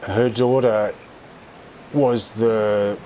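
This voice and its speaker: A man's voice: on the low side, fairly even intonation, drawn-out words, darkish tone, slight background noise, poor audio. A man casually telling a rambling anecdote while playing a game, often correcting himself as he goes. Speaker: streamer telling stories while gaming.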